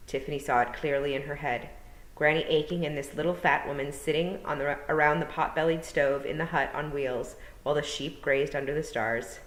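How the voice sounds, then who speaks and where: A woman reading a novel aloud for a school storytime in a calm, measured way. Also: sits low. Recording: roomy echo.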